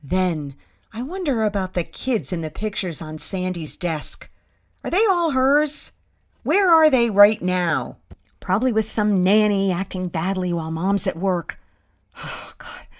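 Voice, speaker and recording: A middle-aged woman telling her own story as host, with wry, self-deprecating humor. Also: on the low side. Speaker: host and narrator. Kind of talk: first-person storytelling narration.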